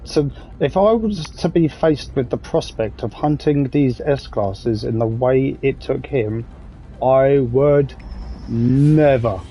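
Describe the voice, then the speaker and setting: English male streamer, 30s, gravelly and mellow, jokey rambler who swears freely. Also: mid-range voice, takes it slowly, poor audio. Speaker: game streamer. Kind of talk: casual gaming commentary.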